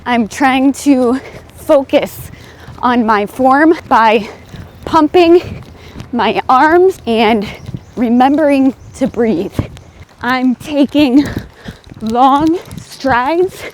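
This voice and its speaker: High-voiced chatty young woman vlogging. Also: very slow, pauses often, slight background noise. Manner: chatty, laughs often, breathless while running. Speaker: English vlogger. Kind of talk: casual vlog narration.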